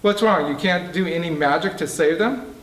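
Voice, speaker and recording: A man's voice: fairly high pitch, moderate pace, fairly bright tone, pitched above the performer's own voice, close to an everyday voice. A man reading the part of a mocking, scheming male prison boss with a smug, taunting manner. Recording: roomy, distant mic.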